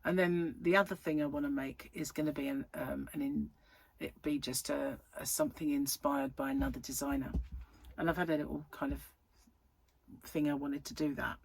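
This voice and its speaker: A woman's voice: deep voice, fairly even intonation, moderate pace, vocal fry, slightly rough, no room sound. A woman in her thirties, a crochet vlogger chatting casually in a rambling way, full of fillers. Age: 30s. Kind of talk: casual chat.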